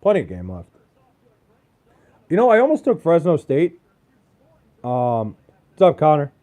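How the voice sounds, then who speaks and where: A young man talking on a live stream in a loose, profane, joking way, bantering with his chat. His voice sits a little high for a man, and he sounds tired. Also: wildly swooping pitch, a little slow, mellow. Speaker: livestreamer. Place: at home in Wisconsin.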